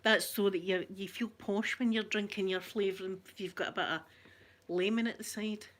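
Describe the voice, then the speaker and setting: A Scottish woman vlogger chatting casually with her viewers, talkative and quick to laugh at herself. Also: mid-range voice, steady tone, fairly bright tone. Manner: chatty, laughs often, self-mocking. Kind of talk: casual live-stream chat.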